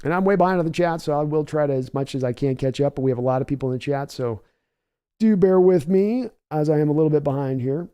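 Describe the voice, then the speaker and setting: A man's voice: fairly high pitch, fast talker, mellow, clean tone. A man hosting a live game reaction stream, giving opinionated, rambling analysis and reading viewer chat aloud to answer it conversationally. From United States. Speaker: livestream host.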